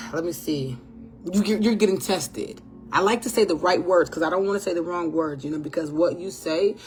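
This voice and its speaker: A woman hosting her own podcast alone, chatting casually about faith in a rambling way, often clearing her throat and with a voice that often sounds strained. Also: on the low side. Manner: churchy phrases, talks to absent guest. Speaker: podcast host.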